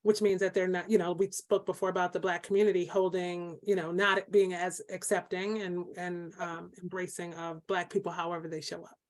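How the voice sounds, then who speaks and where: A woman moderating a panel discussion, reading audience questions aloud in a measured way. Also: fairly low pitch, flat delivery.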